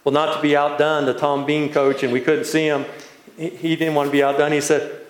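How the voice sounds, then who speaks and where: A man preaching a sermon, telling a personal story in an unhurried, storytelling way. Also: fairly high pitch, flat delivery. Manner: unhurried storytelling, building to laughter. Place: church. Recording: echoey church room.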